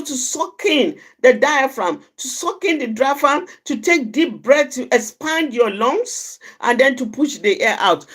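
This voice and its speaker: A woman giving an informal, earnest talk on managing anger. She repeats each point and fills her phrasing with "you know". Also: high-pitched. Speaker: outreach speaker on anger management.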